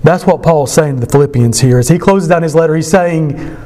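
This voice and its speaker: A man's voice: fairly high pitch, brisk, dark tone, big-room sound. A man preaching a sermon as pastor, emphatic, repeating key phrases and leading the congregation in call-and-response.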